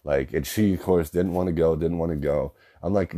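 A man's voice: a bass voice, steady tone, brisk, hardly any pauses, dark tone. A young man in his twenties telling a personal story casually, rambling with lots of fillers and swearing. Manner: rambling, profane, filler-heavy.

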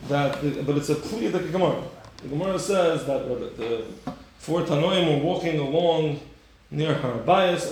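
A man giving a Torah class, animated and rhetorical, acting out the story with sudden high bursts. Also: slight background noise. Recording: very echoey room.

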